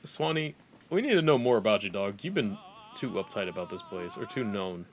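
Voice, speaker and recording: A man streaming a video game, chatting casually and reacting excitably, swearing when surprised. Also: fairly low pitch, a little fast, soft background music. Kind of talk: casual gameplay commentary.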